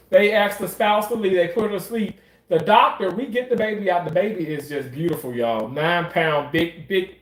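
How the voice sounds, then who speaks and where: Profane storytelling man in an echoey room. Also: fairly high pitch. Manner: profane, emphatic, repeats himself for effect. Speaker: commentator. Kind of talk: casual storytelling.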